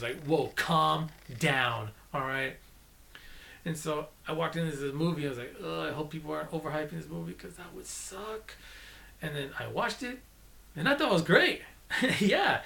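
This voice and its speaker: A man with a slightly high, fairly bright voice gives a chatty spoken movie review in non-native English with his own accent. Enthusiastic and casual, he often corrects himself mid-sentence.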